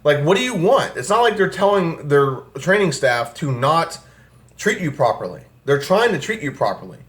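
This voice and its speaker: A man's voice: on the high side, very animated, moderate pace, fairly bright tone. A young man hosting a fan channel, ranting angrily and with a lot of swearing about his football team from a room at home. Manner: angry, profane, exasperated ranting. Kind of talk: ranting sports commentary vlog. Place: home room with air conditioner.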